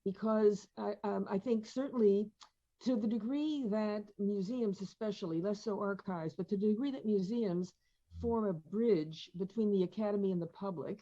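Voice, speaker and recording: A woman's voice: mid-range voice, normal speed, dark tone. Older woman, thoughtful panel talk, muffled. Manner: thoughtful, many fillers and restarts. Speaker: panel speaker, museum curator. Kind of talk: conversational panel discussion.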